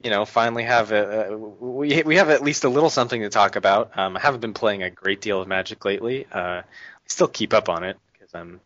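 A man with a lowish voice hosts a casual podcast while a little under the weather, rambling with plenty of fillers and restarts. The recording is dry and dull, with a lo-fi edge. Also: a little fast, fairly bright tone, no room sound. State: a little sick. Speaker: podcast host. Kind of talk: casual chat.

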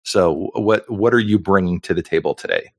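A man's voice: deep voice, moderate pace, vocal fry, dry recording, clean studio sound. A middle-aged man co-hosting a podcast in casual chat, jokey and rambling with lots of fillers. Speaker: podcast co-host.

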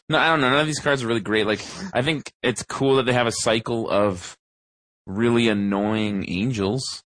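Male podcast co-host, mid pitch, foul-mouthed ranter, dry studio mic. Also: moderate pace, fairly bright tone, no room sound, poor audio. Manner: profane, ranting and mocking. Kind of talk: casual chat.

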